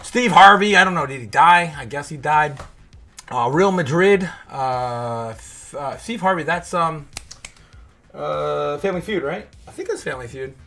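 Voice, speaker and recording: A man's voice: on the high side, animated, a little slow, gravelly, bright, forceful tone, soft background music. A man hosting a crypto show, talking in a frustrated, rambling rant full of swearing. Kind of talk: casual livestream rant.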